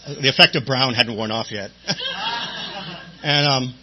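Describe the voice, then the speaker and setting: The dull lo-fi recording carries a faint hum as a middle-aged man, medium-pitched and a little slow, relates a funny story about his own recovery. He pokes fun at himself wryly and leans on many "and, um" fillers.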